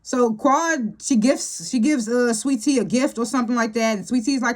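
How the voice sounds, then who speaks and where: A woman casually recapping a TV episode as a show reviewer, chatty and animated and laughing often. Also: fairly high pitch, moderate pace.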